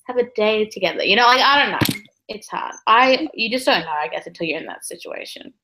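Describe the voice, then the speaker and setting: A woman's voice: mid-range voice, lively intonation, a little fast, background noise. A woman chatting on a video call about a book, thinking aloud and swearing freely. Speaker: book club co-host. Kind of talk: casual video call chat.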